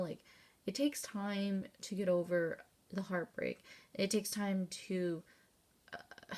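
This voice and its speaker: A woman in her thirties talking candidly in a personal vlog, rambling with fillers and the odd swear word, tearful and close to crying at times. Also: medium pitch. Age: 30s. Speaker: vlogger.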